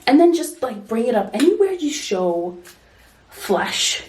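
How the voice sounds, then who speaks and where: A woman's voice: on the high side, big pitch swings, measured pace, darkish tone, slight background noise. Chatty woman in an echoey room. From Toronto, Canada. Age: 30s. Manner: chatty, direct, instructive. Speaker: vlogger. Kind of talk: casual makeup tutorial. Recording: echoey room, distant mic.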